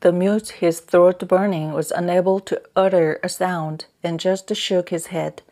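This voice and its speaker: A woman narrating an audiobook in a slow, measured reading voice. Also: on the low side, fairly even intonation, dark tone. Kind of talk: scripted narration.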